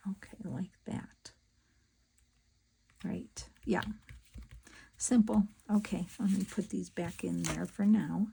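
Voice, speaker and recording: A middle-aged woman chatting casually to her viewers while she works on a craft project, talking to herself in soft asides. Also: lowish voice, fairly even intonation, slow, creaky, pauses often, a little hiss or hum, poor audio. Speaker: crafting vlogger.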